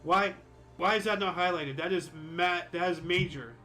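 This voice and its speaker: Male host, high bright voice, chatty, sarcastic asides, voice a bit dry and cracking. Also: normal speed, soft background music, poor audio. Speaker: host of a history show. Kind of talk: casual commentary reading dates.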